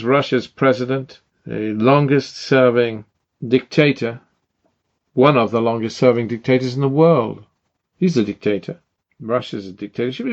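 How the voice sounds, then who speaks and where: An older British man delivering an indignant opinion monologue, firing off rhetorical questions with emphasis. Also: mid-range voice. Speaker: commentator. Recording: dull lo-fi sound.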